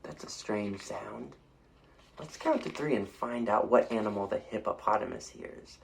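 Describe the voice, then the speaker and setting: Gravelly man reading a picture book. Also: lowish voice, moderate pace, slight background noise. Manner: playful, invites children to make animal sounds. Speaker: storytime reader.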